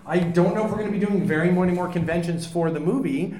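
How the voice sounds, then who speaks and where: A man's voice: high voice, quick pace, mellow. A man co-hosting a live podcast panel at a convention, rambling and joking with lots of fillers. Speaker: podcast co-host. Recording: echoey convention room.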